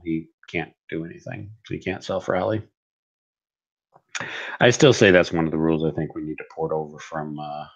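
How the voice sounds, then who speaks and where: A man's voice: sits low, darkish tone, dull audio. A man hosting a live wargame stream, talking casually in a rambling, stop-start way full of fillers. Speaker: wargame channel host.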